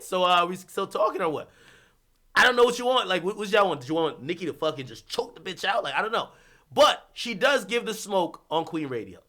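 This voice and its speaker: A man hosting a livestream, ranting about hip-hop in a casual, profane, animated way with bursts of laughter. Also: fairly high pitch.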